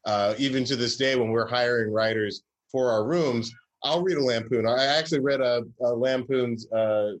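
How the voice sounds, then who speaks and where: Speaking at normal speed in a mid-range voice, this comedy writer from Georgia in the American South shares stories during a relaxed interview. His delivery is wry and meandering, and he keeps correcting himself.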